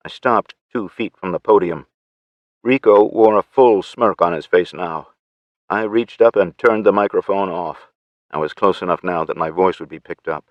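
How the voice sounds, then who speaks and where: A deep, low male voice reading an audiobook in first person, measured and steady. The sound is very dry, with no room around it. The audio is slightly dull and lo-fi. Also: no echo. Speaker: audiobook narrator. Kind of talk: scripted first-person narration.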